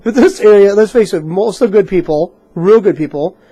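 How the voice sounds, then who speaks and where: Male co-host, quick-talking, high and mellow, blunt and opinionated. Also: dry recording. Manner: blunt and opinionated, repeats himself. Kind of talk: casual radio talk.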